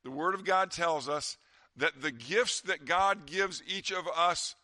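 Bright-voiced man preaching a sermon. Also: fairly high pitch, slow pace, no room sound, clean studio sound. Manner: conversational preaching, drops to quiet emphasis. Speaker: pastor.

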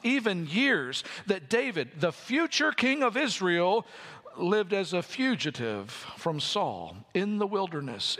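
A man's voice: sits high, a bit bright. A man preaching a sermon to his church in a conversational way, with joking asides and dramatic readings of scripture. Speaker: pastor. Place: church sanctuary. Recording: long reverb of a church hall.

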